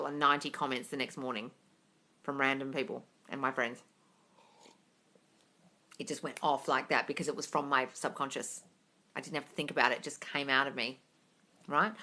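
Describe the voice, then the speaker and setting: A woman hosts a casual live Q&A from her phone and answers viewer questions with blunt, brassy confidence. She swears freely and calls people darling, and her voice is bright and forward. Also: deep voice. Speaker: host of a manifesting Q&A live stream. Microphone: phone mic on a live stream.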